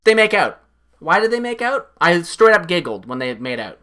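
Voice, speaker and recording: A young man streaming a casual, rambling film recap, swearing freely and acting out scenes as he goes. His voice sits a bit high and has a bright, forceful edge. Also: normal speed. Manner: rambling, profane, excitable, acts out quotes.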